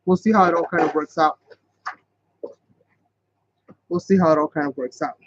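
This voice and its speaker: A man's voice: a little high, fast. A man hosting a casual live craft tutorial, chatting and rambling as he works and talking straight to his viewers. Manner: chatty, rambling, talks to viewers as "you guys". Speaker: craft channel host. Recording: dull, lo-fi, dry sound.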